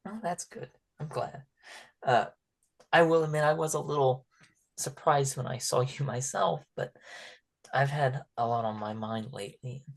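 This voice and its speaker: A man voicing a timid, lonely teenage orphan girl who speaks haltingly and softly, often slipping into a whisper. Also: medium pitch, creaky. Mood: pleading. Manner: hesitant, halting and soft-spoken, often whispering.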